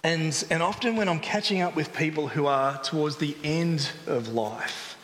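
A man's voice: fairly high pitch, moderate pace, fairly bright tone, slight background noise. A man preaching a sermon in a joking, conversational way, acting out the voices of people who complain. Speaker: pastor. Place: church service hall. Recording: echoey live church hall.

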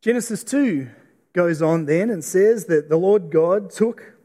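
Australian man, middle-aged, pastor's sermon, slightly high voice, earnest, restarts words, long church-hall reverb. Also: mellow. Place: church auditorium.

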